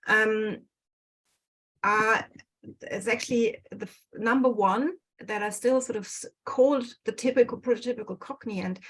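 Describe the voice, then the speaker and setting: A woman's voice: fairly high pitch, rough recording. A woman giving an online research talk over a video call, with many fillers and restarts. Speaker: guest researcher. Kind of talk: online presentation. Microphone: computer mic on video call.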